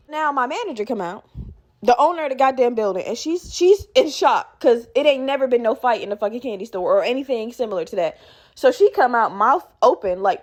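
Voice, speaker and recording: A woman hosting a podcast, telling a workplace story in a casual, animated, heavily profane way and acting out what people said. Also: fairly high pitch, fairly quick. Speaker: podcast host.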